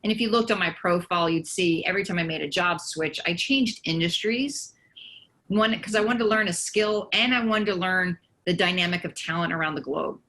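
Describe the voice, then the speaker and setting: A woman recounting career stories on a panel over a video call. Her voice sits low for a woman yet comes across bright and forceful. She talks in an animated, storytelling way, with laughter here and there. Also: brisk, poor audio. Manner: lively anecdotes with laughter.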